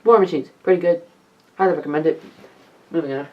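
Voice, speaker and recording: A woman's voice: low-pitched, quick pace, highs cut off. A teenage girl vlogging at home, reviewing DVDs in a rambling, chatty way with asides to the camera. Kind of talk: casual vlog review.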